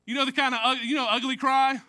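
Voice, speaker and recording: A man's voice: very high-pitched, level tone, fast talker, sharp tone. A man preaching a sermon in a conversational way, joking and often checking in with "right?" as he talks. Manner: conversational preaching with jokes and frequent "right?" asides. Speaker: pastor.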